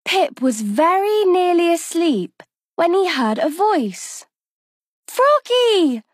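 A woman reading a children's bedtime story aloud in a slow, expressive, sing-song way. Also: very high-pitched, no echo, clean studio sound. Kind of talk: scripted bedtime story narration.

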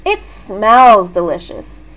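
A woman's voice: mid-range voice, sing-song, slow, a bit bright, low-quality recording. A woman voicing a jolly older man who makes pizza in a storybook read-aloud, hearty and cheerful.

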